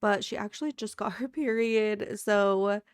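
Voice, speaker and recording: A woman's voice: medium pitch, unhurried, smooth, no room sound, clean studio sound. A woman hosting a let's play, chatty and giggly, talking to her viewers while sleepy and sick. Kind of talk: casual gameplay commentary.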